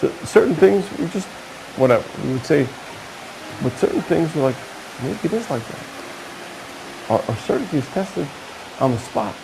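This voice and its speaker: A man giving a storytelling sermon on Kabbalah, animated and acting out the quoted dialogue. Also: mid-range voice, vocal fry, poor audio. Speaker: Kabbalah teacher.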